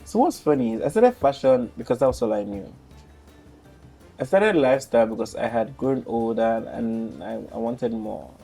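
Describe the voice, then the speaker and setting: A young man in his twenties with a Nigerian accent, a podcast guest telling stories in a chatty, animated way. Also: medium pitch, moderate pace, creaky, husky, soft background music. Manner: animated, chatty, laughs easily. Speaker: podcast guest, content creator. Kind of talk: casual storytelling interview.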